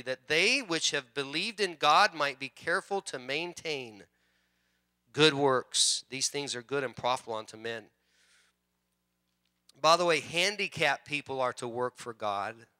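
A male pastor preaching a sermon with prayer and scripture reading, fervent and rising loud on his exhortations, often repeating words. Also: fairly high pitch, dry recording.

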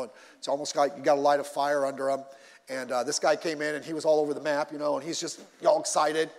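High-voiced preaching man in a reverberant hall. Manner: animated preaching, repeats words, sudden loud and soft swings. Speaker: pastor. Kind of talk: sermon.

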